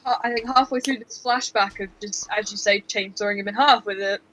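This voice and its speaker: A woman's voice: medium pitch, steady tone, fairly quick, fairly bright tone, lo-fi sound, slight background noise. A woman playing a tabletop game, thinking aloud casually. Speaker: player.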